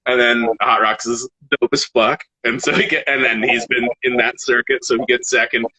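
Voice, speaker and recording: A man from Canada, a guest rapper, telling casual stories in an animated, swearing way. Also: medium pitch, normal speed, breathy edge, no echo, low-quality recording. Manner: animated, swearing, laughs between phrases. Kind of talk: casual storytelling.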